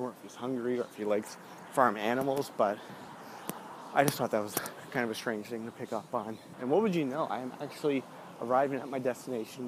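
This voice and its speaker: Rambling man podcasting on a walk. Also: medium pitch. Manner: rambling, chatty, self-mocking. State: out of breath. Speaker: podcast host. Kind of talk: walking podcast monologue. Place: city streets outdoors, then stairwell. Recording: noisy street recording. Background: street traffic and clicks.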